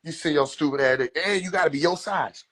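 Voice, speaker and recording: A man's voice: fairly high pitch, a little fast, slightly rough. A young man telling a rambling, profane story on a phone live stream, acting out the other voices. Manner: animated, acts out quoted voices, slangy, profane. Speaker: livestreamer. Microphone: phone mic.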